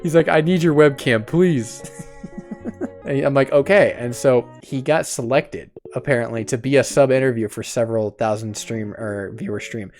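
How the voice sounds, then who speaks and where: A man's voice: medium pitch, moderate pace, a little mellow, faint music behind. A man in his twenties, a streamer in his bedroom, telling a story in casual chat and laughing often. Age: 20s. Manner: giggly storytelling, laughs a lot.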